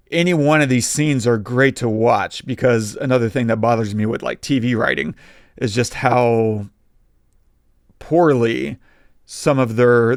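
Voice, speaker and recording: A man's voice: mid-range voice, dry recording, studio quality. A man co-hosting a film podcast, a writer talking through scenes in a methodical, step-by-step way in casual chat. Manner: methodical, builds points step by step. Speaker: podcast co-host, film reviewer.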